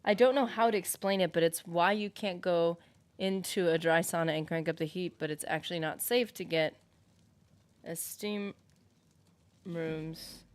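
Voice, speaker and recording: A woman's voice: fairly low pitch, unhurried, no echo. Chatty rambling woman streamer. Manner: rambling, chatty, many fillers, reads out chat comments. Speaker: streamer playing a game. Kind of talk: casual livestream chat.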